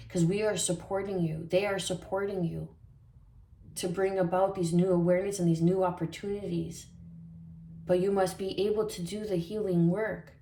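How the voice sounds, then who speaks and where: Soft-spoken woman doing a tarot reading, kinda low and warm, echoey room. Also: a little hiss or hum. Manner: soft, reflective, repeats phrases for emphasis. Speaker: tarot reader.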